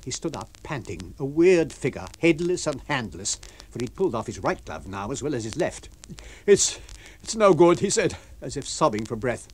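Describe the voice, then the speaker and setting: A man reading a novel aloud for radio, with an expressive, varied storytelling delivery. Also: medium pitch, fairly quick, a little hiss or hum. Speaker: reader.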